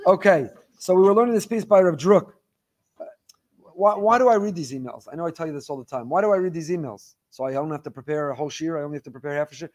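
Man with a slightly high voice reading emails. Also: quick pace. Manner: animated storytelling with wry asides. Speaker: Torah class teacher. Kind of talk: reading listener emails aloud in a class.

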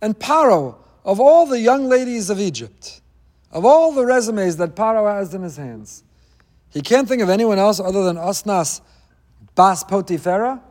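A man's voice: high voice, animated, normal speed, darkish tone, big-room sound. A man teaching a weekly Torah class, with wry asides and jokes.

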